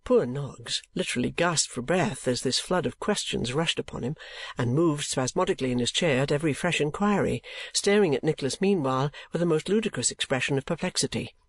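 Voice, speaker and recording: A man reads a storybook aloud as a narrator, steady and measured. His voice sits a little high for a man, with a husky grain, recorded close and dry. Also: no room sound. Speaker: audiobook narrator. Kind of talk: scripted narration.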